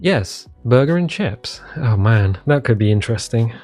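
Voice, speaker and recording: A man's voice: mid-range voice, lively intonation, moderate pace, mellow, faint music behind. Rambling self-deprecating English guy vlogging. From England. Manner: rambling, self-deprecating, many ums and restarts. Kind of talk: casual vlog monologue. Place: living room at home.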